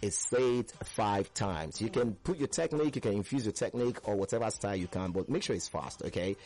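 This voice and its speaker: A man's voice: on the low side, a little fast, a little mellow. A man hosting a playful radio call-in show from the studio, teasing and laughing often.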